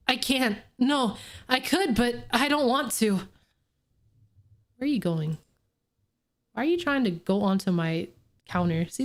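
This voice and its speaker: A woman's voice: mid-range voice, darkish tone. A young woman live-streaming a story game, reading the narration aloud. She laughs a lot, swears freely and breaks off to talk to her cat in her lap.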